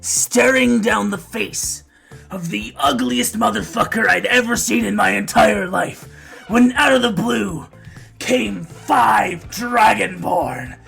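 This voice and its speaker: A woman telling a dramatic story in a slow, drawn-out way. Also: on the high side, creaky, fairly bright tone, slightly rough. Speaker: player.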